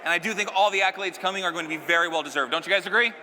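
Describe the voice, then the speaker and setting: A man's voice: high-pitched, rapid-fire, long reverb tail, background noise. A man performing stage magic on a live stage, keeping up joking banter with a volunteer and the crowd.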